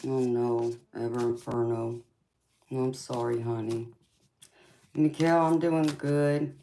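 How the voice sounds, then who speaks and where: A woman's voice: extremely low pitch, fairly even intonation, slow, warm tone, slight background noise, low-quality recording. A woman giving a live tarot reading and chatting with viewers, affectionate, calling people sweetheart and honey. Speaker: tarot reader.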